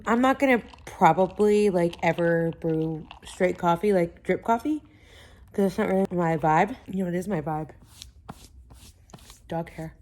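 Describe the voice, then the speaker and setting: A woman's voice: medium pitch, a little mellow. A young woman, chatting casually in a book vlog, gushing and full of fillers. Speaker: book vlogger.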